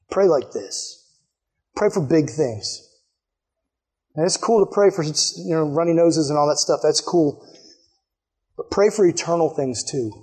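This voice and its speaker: A man with a high, light voice delivers a relaxed youth sermon. He talks to the room directly in casual slang and acts out the people in his story with quick jumps in pitch. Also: breathy edge. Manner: animated storytelling, acting out characters with sudden high-pitched quotes. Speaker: youth pastor.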